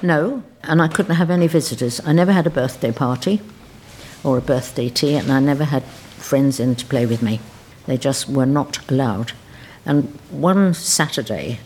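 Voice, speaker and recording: An older English woman telling stories about her childhood in a lively, wry, precise way, answering interview questions. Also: very deep voice, a little hiss or hum. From England. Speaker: interviewee recalling wartime childhood. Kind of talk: conversational storytelling.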